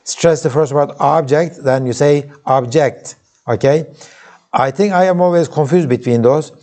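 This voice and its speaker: A man with a Turkish accent, a native Turkish speaker, giving a university lecture in English. He keeps checking in with the class with "okay?" and "right?" and pauses often on filler sounds. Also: on the high side, mellow. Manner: halting, with many filler sounds and restarts.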